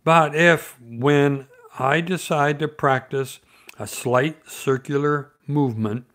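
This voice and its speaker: A man voicing a gloomy, sarcastic old male donkey in a bedtime storybook reading, slow and dry. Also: a little high, steady tone, a bit bright. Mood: gloomy sarcasm.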